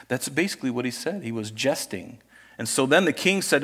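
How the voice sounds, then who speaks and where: A man's voice: medium pitch, measured pace, long pauses, slightly rough. Man preaching in a reverberant hall. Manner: conversational preaching with animated retellings of scripture scenes. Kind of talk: sermon.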